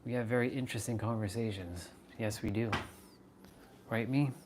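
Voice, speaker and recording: A man's voice: fairly low pitch, moderate pace, very noisy. A man chatting casually on a phone live stream, goofy and joking, poking fun at himself. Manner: goofy, joking, self-mocking.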